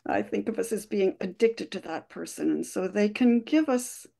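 A woman speaking as an expert guest on a radio show, calmly explaining research. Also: medium pitch, creaky. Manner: calm, explanatory, measured.

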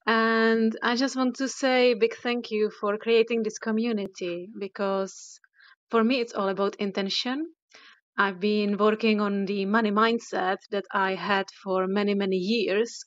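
A woman guest in a live audio room, sharing her story in an earnest, measured way. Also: mid-range voice, dry recording, lo-fi sound. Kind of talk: casual personal sharing.

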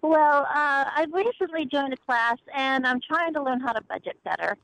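Bright, hesitant woman caller. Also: high voice, moderate pace, no room sound, rough recording. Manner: hesitant, careful. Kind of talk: phone-in question.

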